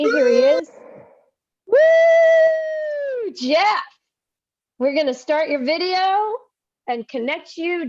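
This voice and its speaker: A woman's voice: high-pitched, dry recording. A woman with a Southern accent co-hosting a livestream, chatting casually with lots of fillers and restarts. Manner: chatty, halting with many fillers. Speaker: podcast co-host. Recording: dull lo-fi stream audio.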